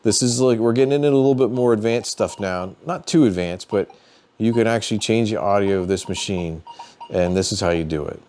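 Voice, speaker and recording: A man hosting a metal detecting channel, explaining device settings in a relaxed, plain-spoken tutorial and thinking aloud as he goes. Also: fairly low pitch, fairly quick, a little hiss or hum. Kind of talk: casual how-to tutorial.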